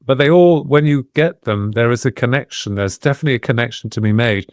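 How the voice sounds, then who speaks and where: A man, a guest on a talk podcast, telling a personal story in a reflective, meandering way with pauses and restarts. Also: medium pitch, dry recording, clean studio sound. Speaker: guest, medium and UFO researcher. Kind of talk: casual podcast interview storytelling.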